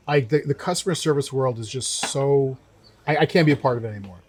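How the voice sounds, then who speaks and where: A young man, co-host of a show, casually telling a story and acting out the people in it with lively quotes. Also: medium pitch, quick pace, breathy edge. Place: winery.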